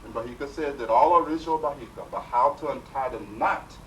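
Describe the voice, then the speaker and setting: A man's voice: mid-range voice, a little fast. A man leading a spiritual workshop, telling stories animatedly and tossing in rhetorical questions, recorded from a distant mic in a noisy room. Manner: animated storytelling with rhetorical "right?". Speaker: spiritual teacher.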